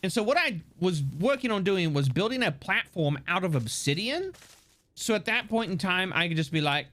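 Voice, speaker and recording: Lively, playful male game streamer. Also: sits high, moderate pace. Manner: rambling and playful, swears, laughs often. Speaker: live streamer. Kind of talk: casual live-stream chat while gaming.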